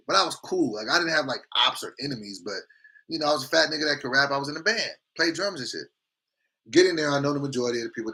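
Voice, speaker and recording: Bright-voiced man telling a profane story. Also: on the high side, slight background noise. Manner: animated, profane, acts out quoted lines. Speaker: morning show host. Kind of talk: casual storytelling.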